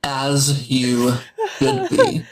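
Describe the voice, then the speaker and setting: Wry man with lively, swooping pitch. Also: very slow, reverberant, a crowd in the background, low-quality recording. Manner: wry, teasing banter. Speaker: podcast co-host. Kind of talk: casual chat.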